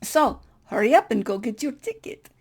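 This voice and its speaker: A woman voicing a brusque Soviet consulate clerk who speaks in blunt, broken English, with a gravelly edge. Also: fairly high pitch, big pitch swings, moderate pace, a little mellow, heavily acted.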